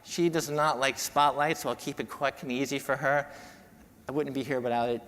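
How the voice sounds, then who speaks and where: A man gives a moving keynote to his peers, speaking from the heart with frequent restarts and repeated words. His voice sits in a middle pitch. The sound carries the long reverb of a large conference hall. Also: fairly even intonation, normal speed, a bit bright. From New York. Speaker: podiatrist giving a keynote talk. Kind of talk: emotional speech to a conference audience.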